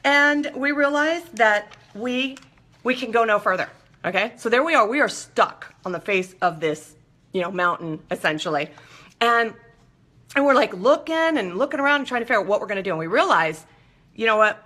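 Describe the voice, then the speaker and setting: A woman hosting a talk show, telling a personal story in a lively, chatty way with playful asides. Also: a little high, moderate pace. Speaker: show host.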